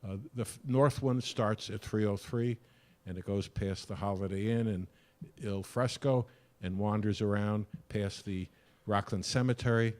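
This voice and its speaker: A man's voice: fairly low pitch, a little slow, darkish tone. An older retired man giving a rambling, hesitant public comment at a town board meeting. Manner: rambling, hesitant with many uhs.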